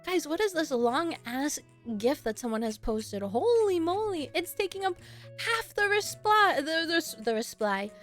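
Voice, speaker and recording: A woman's voice: very high-pitched, measured pace, soft background music. A young woman streaming live, chatting with her viewers in a playful, teasing way and laughing often. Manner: teasing banter with chat. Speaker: streamer reacting to chat. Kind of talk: casual live-stream chat.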